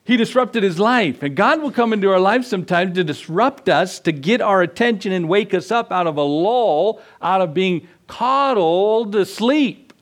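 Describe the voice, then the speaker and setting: A man's voice: high voice, animated, normal speed, hardly any pauses. A man pastor preaching a sermon in a conversational way, telling stories and acting out the dialogue.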